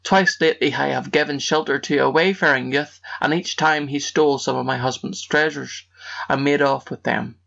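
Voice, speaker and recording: Man voicing the ogre's wife in a storybook, anxious and pleading, gravelly edge, muffled audio. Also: medium pitch, fairly even intonation, normal speed, bright, forceful tone. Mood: fearful. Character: fearful ogre's wife, middle-aged woman, good-natured.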